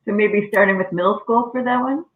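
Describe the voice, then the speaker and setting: A woman's voice: medium pitch, fairly quick. A middle-aged woman librarian hosting a casual chat, asking her guests questions in a chatty way. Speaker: librarian host. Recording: tinny phone-like audio in an echoey room.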